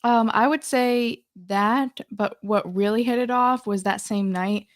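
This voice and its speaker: A woman co-hosting a podcast, earnestly recounting an experience in a soft, casual way. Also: a little high, steady tone, a little slow. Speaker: co-host, paranormal investigator.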